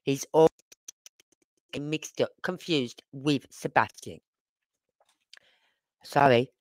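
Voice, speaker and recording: A YouTuber doing live-stream commentary. The speaker talks emphatically, asks rhetorical questions, repeats points and apologizes for talking too fast. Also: medium pitch, no echo.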